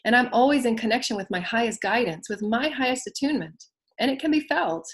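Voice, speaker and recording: A woman giving a spiritual teaching talk, speaking in slow, repetitive affirmations that often drift soft and hushed. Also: fairly high pitch, lively intonation, slightly rough.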